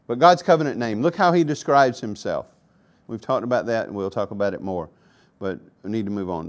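A man preaching a sermon as pastor, stressing key words by repeating them and swinging between loud and soft. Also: on the low side, expressive, normal speed. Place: church.

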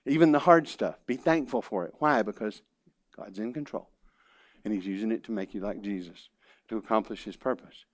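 A man preaching a sermon as pastor, earnest, dropping quiet and then rising to emphatic lines. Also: mid-range voice, dry recording. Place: church.

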